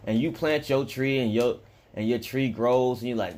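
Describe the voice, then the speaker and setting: A man's voice: mid-range voice, normal speed, darkish tone. A man talking straight to his viewers in a loose, digressive monologue, often restarting and chuckling between points. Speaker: vlogger. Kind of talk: casual rambling monologue.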